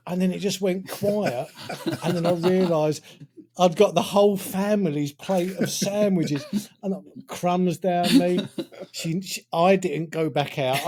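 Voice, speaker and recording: A man's voice: on the high side, unhurried, a little mellow. A man co-hosting a podcast, telling an easygoing anecdote in casual chat.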